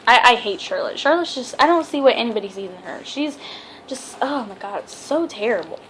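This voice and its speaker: A woman's voice: fairly high pitch, expressive, fairly quick, fairly bright tone, a little hiss or hum. A young woman reviewing a book in a casual vlog, chatty and rambling, often stumbling over her words. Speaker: book vlogger.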